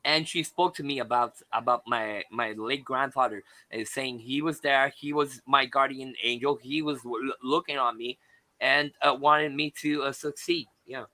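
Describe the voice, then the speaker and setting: A man, a guest on a live panel, telling a personal story in a halting way with many restarts and fillers. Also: medium pitch, steady tone, sharp tone, poor audio.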